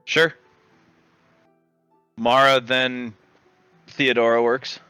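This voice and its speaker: A man's voice: mid-range voice, little pitch movement, drawn-out words, bright, forceful tone, smooth, dry recording, faint music behind. A man taking part as a player in a tabletop game, chatting in an easygoing way. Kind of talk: casual chat.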